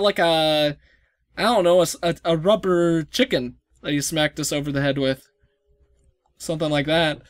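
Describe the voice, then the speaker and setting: A woman hosting a let's play, reading game dialogue aloud and reacting with excitable yelps, gasps, stammers and swearing. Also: fairly low pitch, no room sound, clean studio sound.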